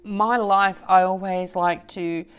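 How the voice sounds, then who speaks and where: A woman vlogger chatting to camera, slow and halting with restarts and soft laughs, teary and emotional. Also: medium pitch, steady tone, clean tone, faint music behind. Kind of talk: emotional casual chat to camera.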